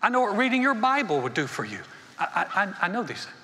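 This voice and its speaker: A senior pastor preaching a sermon in a folksy storytelling way, acting out little dialogues between churchgoers. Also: male voice, sits high, very animated, fast talker, bright, forceful tone. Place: church auditorium. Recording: long hall reverb.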